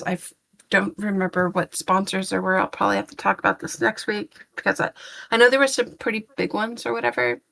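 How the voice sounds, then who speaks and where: A woman's voice: mid-range voice, expressive, a little fast, gravelly, fairly bright tone, a little hiss or hum. A woman co-hosting a podcast who rambles through a casual, exasperated rant, full of fillers and restarts, with blunt swearing. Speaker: podcast co-host.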